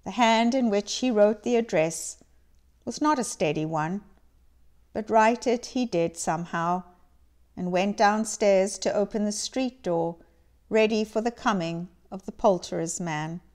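Slow expressive lady reading a classic story aloud. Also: medium pitch. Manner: expressive, measured narration. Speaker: reader.

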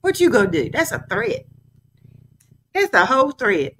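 A woman hosts a heated live-stream commentary and fires off scornful rhetorical questions. Her fairly high voice swings widely in pitch, and a faint noise sits under the recording. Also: huge pitch swings, normal speed, a bit bright.

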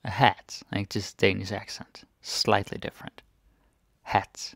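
A man teaching a casual Danish vocabulary lesson. He repeats each word slowly and drops to murmured asides. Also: lowish voice, flat delivery, creaky, a bit bright, no echo, studio quality.

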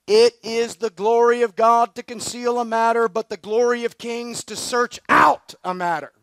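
A man with a high-pitched voice preaches at a conference, telling a story in a loose, slangy and energetic way. His voice is recorded dry and close, with no echo around it. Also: moderate pace, clean tone. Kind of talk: storytelling sermon.

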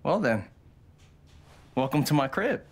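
An easygoing, teasing big brother. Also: male voice, fairly high pitch, very animated, measured pace, slight background noise. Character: teasing, warm young adult older brother. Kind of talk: video game voice acting.

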